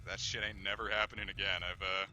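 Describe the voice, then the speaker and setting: Bright, sharp-voiced man streaming a game. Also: low voice, little pitch movement, fast talker, slight background noise. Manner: candid, rambling, with frequent fillers and swearing. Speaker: let's play streamer. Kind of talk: casual gameplay commentary.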